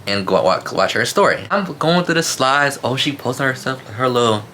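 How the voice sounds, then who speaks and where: Guy spilling a storytime to his viewers, lots of "like" and slang, kinda sharp bright tone. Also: mid-range voice, brisk, a little hiss or hum. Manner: animated, slangy, full of fillers and asides to viewers. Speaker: YouTuber telling a story. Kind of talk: casual storytime vlog.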